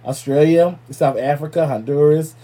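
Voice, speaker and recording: Male podcast host, warm dark tone, loose and profane casual banter. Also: on the high side, normal speed. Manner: loose, profane, playful shout-outs. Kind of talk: casual chat.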